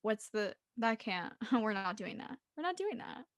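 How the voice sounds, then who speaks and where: A woman's voice: fairly high pitch, sing-song, unhurried, dry recording, studio quality. A young woman co-hosting a podcast in casual chat, emphatic and dramatic, often saying "literally.". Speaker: podcast co-host.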